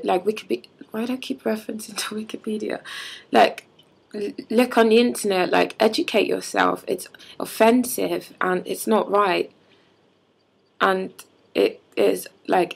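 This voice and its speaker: Young woman, heavy vocal fry, breathy husky tone, heated casual vlog rant. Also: mid-range voice. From London. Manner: heated, frequent "like" fillers. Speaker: vlogger.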